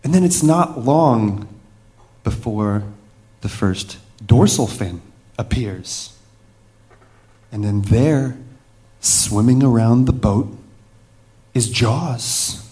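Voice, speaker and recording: A man telling a personal story vividly, with dramatic pauses and hushed moments. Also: mid-range voice, expressive.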